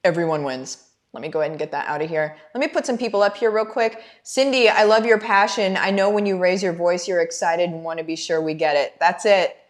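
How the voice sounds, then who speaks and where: A woman's voice: on the low side, quick pace, hardly any pauses. Middle-aged female coach hosting a live stream, fervent and preachy, speaking straight to her audience. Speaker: business coach and livestream host. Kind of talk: motivational livestream talk.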